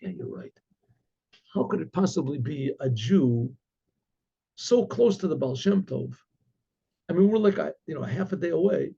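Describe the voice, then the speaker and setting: A man's voice: a little high, animated, normal speed, vocal fry, long pauses, dark tone, breathy edge, dull audio, exaggerated voice. Man doing jovial coaxing male pilgrims. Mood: puzzled. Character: cheerful group of male pilgrims, friendly.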